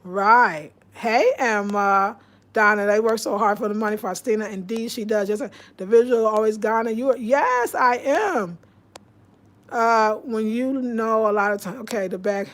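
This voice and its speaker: A woman's voice: a little high, a little slow. Outspoken woman host on a live stream. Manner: outspoken, preachy, reads viewer comments aloud. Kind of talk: casual live-stream chat.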